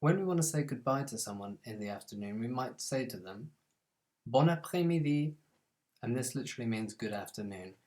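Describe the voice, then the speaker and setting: A French language teacher, a man with a mid-range voice, delivers a scripted lesson. He says each French phrase slowly and with stress, then explains it calmly and plainly.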